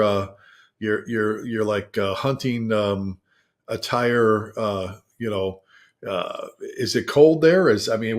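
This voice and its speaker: A man, a fire chief co-hosting a podcast, chatting casually and teasing his co-host with lots of halting fillers. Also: fairly low pitch. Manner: friendly ribbing, halting with fillers. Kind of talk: casual chat.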